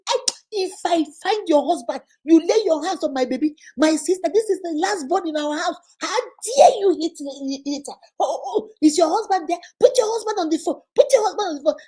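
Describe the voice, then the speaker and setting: A woman doing a loud, indignant husband. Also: very high voice, moderate pace, few pauses, voice pushed up. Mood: frantic. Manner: loud, indignant, self-justifying. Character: hot-tempered man who hits his wife.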